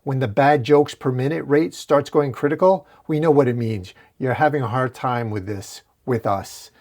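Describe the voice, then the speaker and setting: A man reading out a heroine bonded with a symbiote from a comic. She speaks in a level, serious way and stays calm. His delivery stays close to his normal voice. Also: medium pitch, moderate pace, natural voice.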